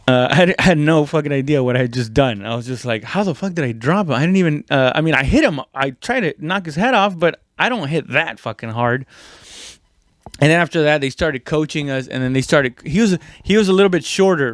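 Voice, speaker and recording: Smooth-voiced man telling a rambling story. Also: fairly high pitch, dry recording, clean studio sound. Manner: rambling, profane, full of restarts and sound effects. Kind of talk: casual storytelling.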